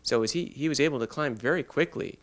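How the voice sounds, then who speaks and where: A man interpreting a child's signed story aloud, narrating a fairy tale in an unhurried, halting way with pauses. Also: mid-range voice, fairly bright tone. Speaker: sign language interpreter voicing a child.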